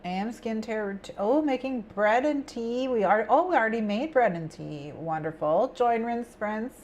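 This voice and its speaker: A woman's voice: on the high side, animated, normal speed, hardly any pauses, darkish tone, dull audio. A woman hosting a casual craft stream, thinking aloud and chatting with viewers in a rambling way. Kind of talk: casual chat with viewers while planning.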